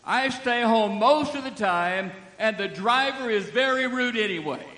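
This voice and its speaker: A man's voice: very high voice, lively intonation, measured pace, sharp tone, voice pushed up, full character voice. A man reading the grumbling words of an old man who rarely leaves home. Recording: echoey hall.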